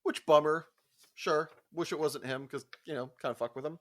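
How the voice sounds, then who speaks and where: Speaking at normal speed in a slightly high voice, a young co-host swaps work stories on a podcast. The chat is casual; he curses freely and breaks into laughter as he acts out what people said.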